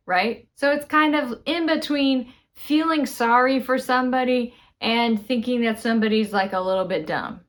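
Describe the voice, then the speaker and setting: A woman from Texas with a Texan accent, teaching slang in a chatty, expressive English lesson. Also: fairly high pitch, normal speed, hardly any pauses. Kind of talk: casual spoken English lesson.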